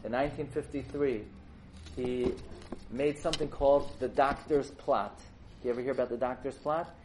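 A man giving a storytelling sermon to a live audience, animated and jokey, often putting questions to the listeners. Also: medium pitch, moderate pace, background noise.

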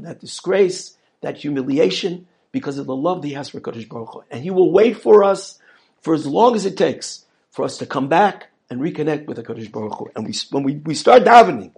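A man's voice: fairly high pitch, vocal fry, a little mellow, slightly rough. A man teaching a lesson on prayer, emphatic and given to repeating phrases as he builds a point. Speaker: religious teacher.

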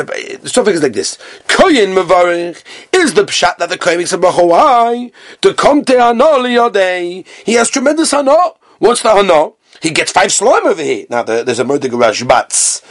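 Male Talmud teacher, Yeshivish English, sing-song chant, lively pitch, dry close sound. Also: slightly rough, dry recording. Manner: animated, sing-song study chant with Hebrew and Yiddish terms. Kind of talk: Talmud study lecture.

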